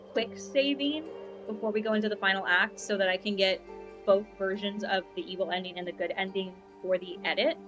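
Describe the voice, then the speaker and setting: A woman's voice: medium pitch, fairly bright tone, muffled recording. Young woman rambling on a game stream, lapel mic, bits of music behind. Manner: chatty, rambling, upbeat, with fillers. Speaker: gaming streamer. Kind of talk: casual live-stream chat. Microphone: lavalier mic.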